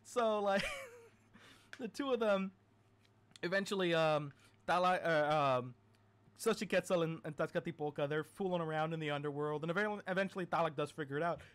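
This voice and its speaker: A man hosting a storytelling podcast, retelling a myth in a chatty, rambling way full of animated asides. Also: on the high side, moderate pace, clear, resonant tone.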